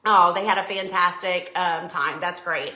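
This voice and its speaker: A middle-aged woman hosting a crafting livestream, chatting excitedly with viewers as she works. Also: lowish voice, moderate pace. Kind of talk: casual live chat while crafting. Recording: echoey room.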